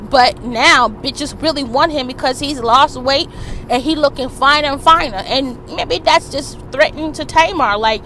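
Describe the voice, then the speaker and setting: A woman vlogger, ranting loudly and profanely about celebrity gossip, filmed on a phone in a car in traffic. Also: sits high, normal speed. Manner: loud, profane, fired-up ranting. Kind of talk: casual ranting commentary.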